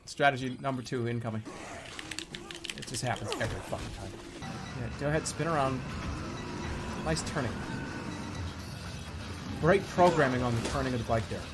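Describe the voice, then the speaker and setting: A man streaming a video game, commenting as he plays and swearing often, dropping from low muttering to angry shouts. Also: normal speed, long pauses, over loud music. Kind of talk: gaming livestream commentary.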